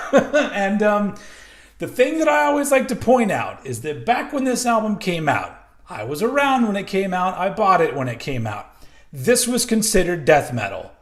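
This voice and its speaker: Profane, rambling heavy metal show host. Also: male voice, high-pitched. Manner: loose, profane and self-mocking, with frequent fillers. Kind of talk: casual rambling commentary.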